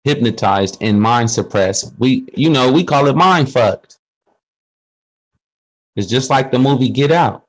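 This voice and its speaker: A man's voice: medium pitch, measured pace, pauses often, low-quality recording. Man explaining in casual street talk. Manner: explains with questions and street slang. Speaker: speaker in a group discussion. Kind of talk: casual conversational monologue.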